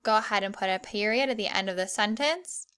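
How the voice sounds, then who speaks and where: A young woman teaching an online grammar lesson to children, clear and encouraging, reading the examples slowly. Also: mid-range voice, sharp tone.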